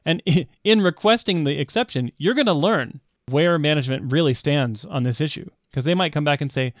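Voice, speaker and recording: A man's voice: on the high side, normal speed, few pauses, no room sound, clean studio sound. Joking man co-hosting a podcast. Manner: joking, laughs often. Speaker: podcast co-host. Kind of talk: casual chat.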